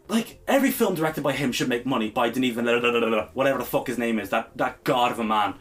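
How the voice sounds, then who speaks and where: Swearing freely, a man co-hosting a podcast launches into a heated, exasperated rant during casual conversation. He speaks fast in a mid-range voice, barely pausing.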